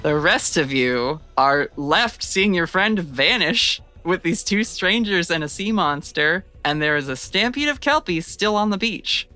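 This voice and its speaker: A woman's voice: on the low side, expressive, measured pace, hardly any pauses, pushed and bright, faint music behind. A woman narrating a tabletop horror game as game master, with chatty, descriptive storytelling.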